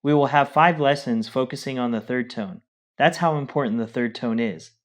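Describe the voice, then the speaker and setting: A man's voice: medium pitch, normal speed. A man co-hosting a language lesson, explaining the material and encouraging the learners. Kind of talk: instructional explanation.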